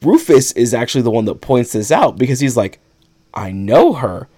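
Lively man recapping a film. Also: mid-range voice, fast talker. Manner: animated retelling with laughs and acted quotes. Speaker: podcast co-host. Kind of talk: casual chat recapping a film.

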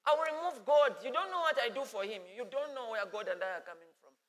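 A man's voice: very high-pitched, fast talker, a bit bright, in a large hall. A man voicing a scheming fallen angel, coaxing and boastful. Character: scheming male fallen angel rallying rebels.

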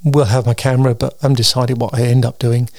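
A man's voice: mid-range voice, little pitch movement, quick pace, a little mellow, no room sound, studio quality. A tired man hosting his weekly solo show, chatting in a meandering way with frequent ums and restarts. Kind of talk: casual rambling monologue.

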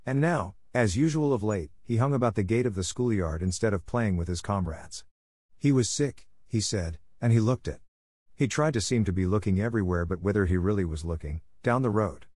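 A man with a fairly low voice reads a story aloud in a measured, expressive way. His voice sounds close and dry, with no room behind it. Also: no room sound. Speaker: narrator. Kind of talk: audiobook reading.

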